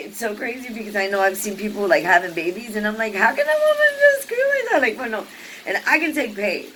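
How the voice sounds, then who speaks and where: A woman at a mid pitch tells a personal story straight to her camera. She rambles and restarts, leans on fillers, and puts on voices for the people she quotes. Faint room ambience sits behind her. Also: slight background noise, poor audio. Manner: lively, acts out quoted people. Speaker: vlogger.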